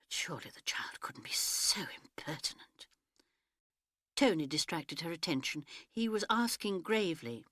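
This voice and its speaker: Low-voiced, expressive woman narrating. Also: no echo, studio quality. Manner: expressive, measured reading. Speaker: audiobook narrator. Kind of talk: scripted audiobook narration.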